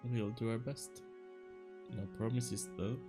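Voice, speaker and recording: A man's voice: mid-range voice, flat delivery, takes it slowly, music in the background. A man giving chatty let's-play commentary over a game, laughing often. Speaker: gaming streamer.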